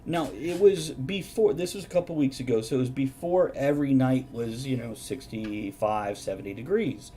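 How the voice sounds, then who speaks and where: Sarcastic male streamer host, mid pitch, faint rumble behind. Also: normal speed, few pauses, mellow. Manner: sarcastic, mock-documentary storytelling. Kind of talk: casual chat on a live stream.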